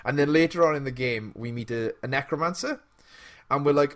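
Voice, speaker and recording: A podcast co-host chats casually in a mid-range voice at a quick pace. He tells animated stories and laughs often.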